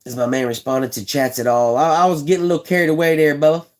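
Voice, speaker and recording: This man speaks fast in a fairly high, level voice with a darkish tone. He hosts a live stream casually showing his fishing-rod builds, talking in a relaxed, folksy, chatty manner, repeating things and answering viewers in the chat.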